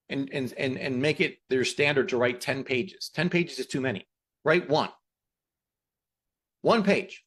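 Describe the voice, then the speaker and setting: A man hosting a podcast who gives a motivational talk and tells stories in an emphatic, animated way. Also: mid-range voice, moderate pace. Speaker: podcast host.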